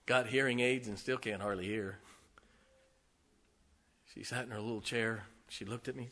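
A middle-aged man, a pastor, preaching a sermon earnestly and rising to loud, emphatic preaching. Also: fairly low pitch, steady tone, normal speed, pauses often.

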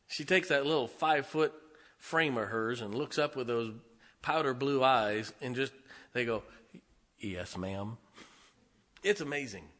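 A middle-aged male pastor preaching a sermon, telling folksy stories and swinging from loud declarations to hushed asides. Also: mid-range voice, measured pace, long pauses.

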